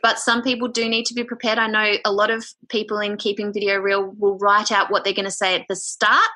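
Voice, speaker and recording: A woman's voice: medium pitch, flat delivery, fairly quick, sharp tone. A woman, a podcast guest talking frankly and with energy in a casual interview.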